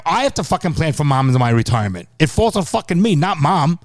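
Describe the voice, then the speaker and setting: A man's voice: on the high side, very animated, fast talker. A middle-aged man co-hosting a casual podcast, ranting and swearing in exasperation. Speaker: podcast co-host, father. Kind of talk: casual chat.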